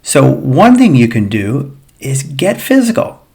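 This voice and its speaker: A man's voice: mid-range voice, wildly swooping pitch, a little slow, vocal fry, mellow. A man, a physical therapist, talking to viewers in a casual, earnest coaching monologue about feeling emotions in recovery. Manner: earnest, repetitive, coaching tone addressing viewers as guys. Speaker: physical therapist giving pain recovery advice. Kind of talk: casual educational monologue to camera.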